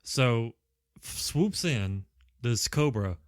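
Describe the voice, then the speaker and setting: A man's voice: mid-range voice, animated, slow, no room sound, studio quality. Mid-voiced man retelling a movie plot. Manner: plot-narrating, swears casually, mimics characters' lines. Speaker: podcast co-host. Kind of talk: casual movie recap chat.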